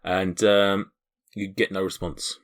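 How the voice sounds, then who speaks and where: A man running a tabletop game as game master, describing scenes in a rambling way with many pauses. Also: deep voice, flat delivery. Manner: rambling, with many ums and restarts.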